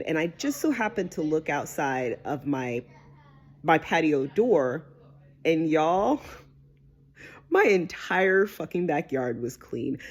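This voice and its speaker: A woman vlogger telling a personal story to camera in a casual, animated way, stressing words and swearing freely. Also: on the low side. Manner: animated, emphatic, peppered with swearing and "right?".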